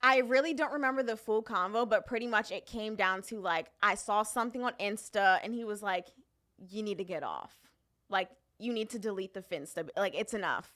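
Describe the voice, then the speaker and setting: A woman's voice: medium pitch, brisk, fairly bright tone. A woman in her twenties, a podcast guest candidly telling a personal story in casual chat. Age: 20s.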